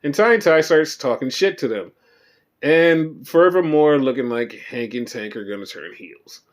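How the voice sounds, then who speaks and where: A man hosting a podcast, recapping wrestling shows in a rambling, profane and animated way. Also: medium pitch, moderate pace. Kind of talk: casual chat.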